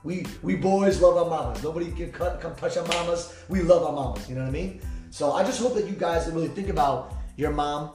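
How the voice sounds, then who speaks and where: A man hosting a podcast, speaking fast and heartfelt in an emotional personal monologue, repeating himself and swearing freely. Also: fairly high pitch. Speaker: podcast host. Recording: echoey room with faint music.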